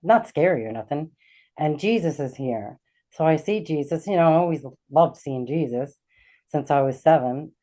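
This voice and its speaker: A middle-aged woman with a low, mellow voice tells a personal story as a talk-show guest. She is animated and slips into the voices of the people she quotes. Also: normal speed. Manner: animated, acts out quoted dialogue. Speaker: guest, intuitive healer.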